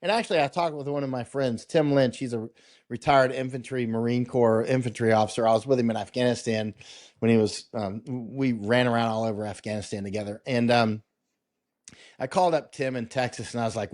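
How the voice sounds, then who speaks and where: A man's voice: mid-range voice, steady tone, a little fast, darkish tone. Rambling male war correspondent on call. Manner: rambling, repeats words, quotes himself, laughs often. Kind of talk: casual interview talk. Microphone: remote video call.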